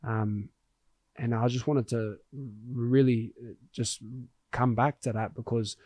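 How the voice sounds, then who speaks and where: A man's voice: mid-range voice, fairly even intonation, slow, mellow, no echo. Earnest man telling a story. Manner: earnest, heartfelt, with frequent restarts. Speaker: podcast host. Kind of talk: conversational storytelling.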